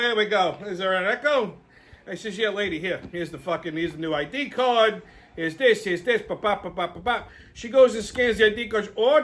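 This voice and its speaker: Man, host, casual storytelling rant, profane, exasperated, fairly high pitch. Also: fairly bright tone. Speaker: show host.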